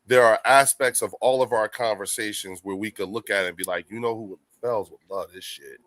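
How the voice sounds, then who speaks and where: A man's voice: on the low side, brisk, a bit bright, no room sound. A man hosting a sports fan stream, talking in a laid-back, profane way and leaning on fillers like "you know what I'm saying". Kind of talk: casual podcast chat.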